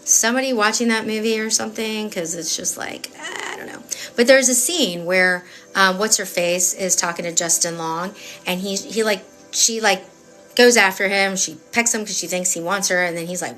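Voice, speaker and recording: A woman's voice: medium pitch, moderate pace, pushed and bright, faint music behind. A woman giving a live-stream tarot reading in a chatty, emphatic, rambling way with many fillers. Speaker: tarot reader.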